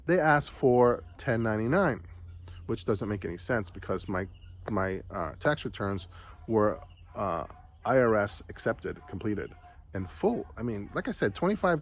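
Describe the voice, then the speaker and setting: A man from the United States venting in a casual vlog, frustrated, swearing and repeating himself. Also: medium pitch. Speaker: vlogger. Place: home in the Philippines.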